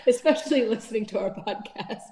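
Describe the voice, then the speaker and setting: A woman's voice: fairly high pitch, dark tone, roomy sound. A woman co-hosting a tabletop roleplay podcast, chatting easily and giggling often. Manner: giggly, easygoing. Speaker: podcast co-host and game master. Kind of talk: casual banter.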